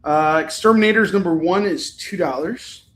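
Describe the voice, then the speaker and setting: A man's voice: high voice, moderate pace, a bit bright. A man hosting a live comic-book sales stream, chatting casually, rambling and swearing freely as he prices each book. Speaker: live shopping stream host selling comics. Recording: echoey room.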